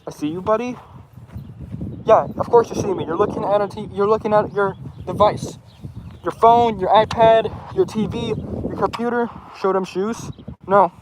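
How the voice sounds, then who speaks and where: A man's voice: high-pitched, fairly even intonation, moderate pace, background noise. A man streaming casually and answering his chat in character, rambling and defensive with lots of stumbling restarts.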